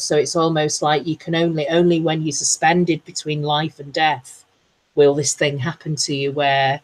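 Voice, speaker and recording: A woman in a casual book discussion, explaining her ideas at length and thinking aloud. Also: low voice.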